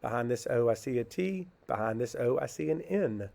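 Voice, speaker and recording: A man's voice: mid-range voice, animated, vocal fry, a little mellow. A man teaching a phonics lesson to children, asking a question and answering it himself, then sounding words out syllable by syllable. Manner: slow, patient, asks questions and answers them himself.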